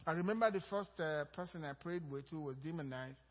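A male pastor preaching a sermon, lively and chuckling between points, slowing to stress scripture quotes. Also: on the high side. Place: church sanctuary. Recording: reverberant hall, dull lo-fi sound.

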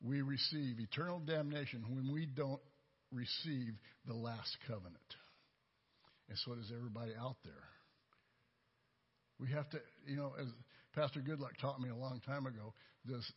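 Man, husky breathy voice, folksy preacher, storytelling sermon, dull lo-fi recording. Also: medium pitch. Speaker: lay preacher. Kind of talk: sermon with personal testimony.

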